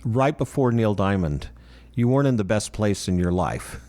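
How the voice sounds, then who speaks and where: Low-voiced male interview host. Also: expressive, moderate pace, warm tone. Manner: attentive, prompting with short agreements. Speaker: podcast host. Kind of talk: interview questions.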